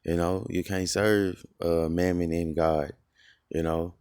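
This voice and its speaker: A man giving an informal scripture lesson in a loose, conversational way, full of fillers and slowing down to read verses aloud. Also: low voice, flat delivery, darkish tone, clean tone, no echo, clean studio sound. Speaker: religious teacher.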